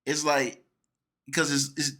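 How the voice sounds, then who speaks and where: A man chats about an old film with his sister, telling animated stories and slipping into the voices of the people he quotes. His voice sits a little high and sounds bright. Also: unhurried. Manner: animated storyteller who acts out quoted people. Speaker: host reviewing a classic film with his sister. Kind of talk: casual chat.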